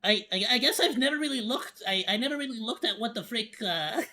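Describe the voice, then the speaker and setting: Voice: medium pitch, a little fast. A VTuber streamer giving casual reaction commentary, playful and laughing, rambling with frequent stammers and restarts. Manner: playful, animated.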